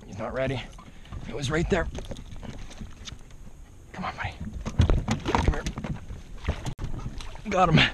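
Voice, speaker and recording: Out on a lake in a fishing boat, a man narrates his trip in a slightly high, expressive voice, speaking slowly with long pauses amid very heavy noise. A fishing vlogger giving excited outdoor commentary, he chats to his dog while fighting fish.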